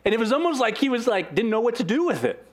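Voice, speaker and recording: A young man preaching a sermon in an earnest, animated way, with sudden swings in pitch and pace. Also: fast. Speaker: pastor.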